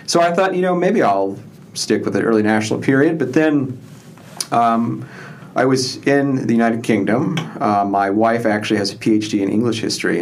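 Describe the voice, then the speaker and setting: A man from southwestern Ohio, a historian and interview guest, speaking thoughtfully with many fillers and restarts. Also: fairly low pitch. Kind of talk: conversational interview.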